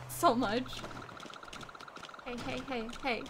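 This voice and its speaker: Young female streamer, bright-pitched and chatty, noisy home stream audio. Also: big pitch swings, measured pace, long pauses. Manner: bubbly, chatty, talks to viewers while playing, frequent gasps and laughs. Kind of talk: casual live game stream chat.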